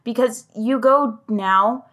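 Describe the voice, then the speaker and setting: A woman's voice: a little high, slow pace, a bit bright. A young adult woman from the United States hosting a podcast, chatty and upbeat, reacting and asking follow-up questions in casual conversation. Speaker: podcast host.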